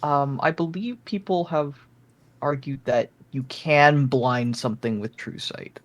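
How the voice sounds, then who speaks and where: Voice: medium pitch, measured pace, slight background noise. A tabletop game player who speaks hesitantly, thinking aloud with fillers. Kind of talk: casual game chat.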